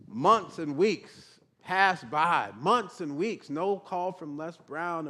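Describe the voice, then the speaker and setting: A man's voice: a little high, lively intonation, takes it slowly, hardly any pauses, pushed and bright. A male pastor preaching a sermon through a humorous personal story with playful asides.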